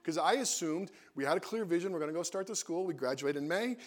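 A man sharing a mission and marriage story with his wife, in an earnest, animated way that grows lively when he quotes himself. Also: fairly high pitch, fast talker. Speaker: missionary co-host. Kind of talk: casual testimony talk.

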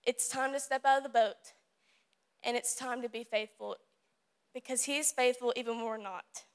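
A woman's voice: fairly high pitch, steady tone, normal speed, smooth. A teenage girl giving an earnest, casual devotional talk to a youth group in a room, repeating her points. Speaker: youth service speaker.

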